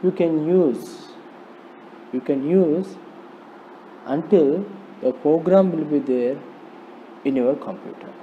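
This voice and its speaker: A man with an Indian English accent giving a slow, repetitive programming lecture, often asking rhetorical questions. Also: a little high. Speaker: polytechnic lecturer. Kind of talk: recorded classroom lecture on programming. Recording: dull lo-fi recording, faint noise.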